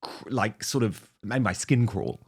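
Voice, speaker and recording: Low-voiced male talk show host. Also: a little slow, husky. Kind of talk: opinionated talk show hosting.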